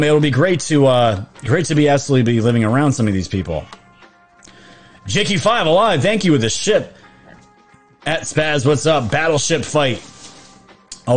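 A man, chatting casually on a live stream, reading viewer comments, laughing often and restarting his sentences. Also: on the high side. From New York.

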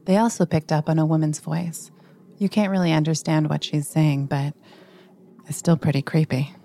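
A woman hosting a podcast, giving measured, matter-of-fact scripted narration. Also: low voice, steady tone, gravelly, dark tone.

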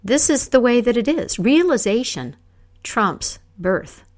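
A woman voicing a calm, wise king in a told folk tale, speaking measured and kindly. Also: on the high side, pitched above the performer's own voice. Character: calm wise king, middle-aged man.

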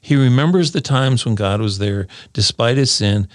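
A man's voice: mid-range voice, dry recording, studio quality. A man co-hosting a casual scripture discussion in a small room, talking earnestly and often repeating his first words. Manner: earnest, repeats words when starting sentences, reads verses aloud slowly. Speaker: podcast co-host discussing scripture.

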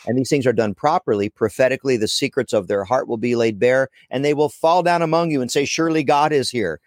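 A man's voice: mid-range voice, fast talker, no echo. A man speaking as a guest on a casual podcast, rambling and correcting himself with dry jokes. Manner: rambling, self-correcting, joking.

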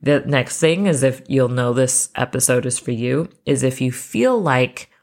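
A woman's voice: a bass voice, expressive, a little slow, a little mellow. A woman hosting a parenting podcast in a chatty, encouraging way, laughing at herself, and sounding a bit congested from allergies. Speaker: podcast host, parenting coach. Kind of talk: casual solo podcast talk.

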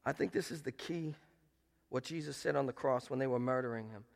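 A man pastor preaching a sermon, swinging between loud emphatic rises and soft hushed lines. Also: medium pitch, fairly quick, gravelly. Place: church sanctuary.

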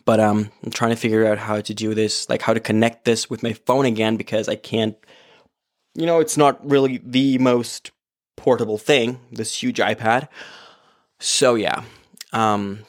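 A man's voice: on the low side, level tone, moderate pace. A man hosting his own podcast alone at home, talking candidly and rambling, with many fillers and frequent swearing. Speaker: podcast host. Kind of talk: casual solo podcast monologue. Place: home, apartment. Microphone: podcast microphone on an iPad.

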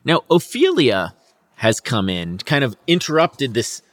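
A man's voice: medium pitch, huge pitch swings, unhurried, no room sound, clean studio sound. A man co-hosting a casual podcast, switching between swearing banter and dramatic readings of old verse. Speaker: podcast co-host. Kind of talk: casual chat with read-aloud lines.

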